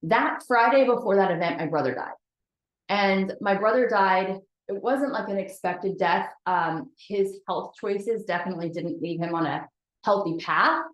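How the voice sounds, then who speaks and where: A woman hosts a weekly motivational live video, talking candidly and chattily straight to her audience and calling them "you guys". Her mid-range voice moves at a moderate pace, with a roomy echo on the recording.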